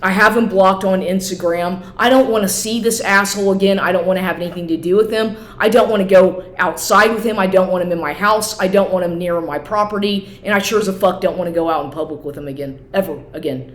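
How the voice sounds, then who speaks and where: A woman vlogger in an upset, profane rant, talking fast and repeating herself. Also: fairly low pitch. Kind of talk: agitated personal rant to camera. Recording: echoey room with faint noise.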